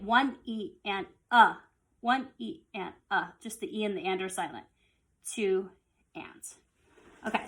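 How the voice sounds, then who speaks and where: A woman's voice: fairly high pitch, a bit bright. Woman counting rhythms in a music lesson. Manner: explains step by step, counts and chants rhythms aloud. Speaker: music teacher.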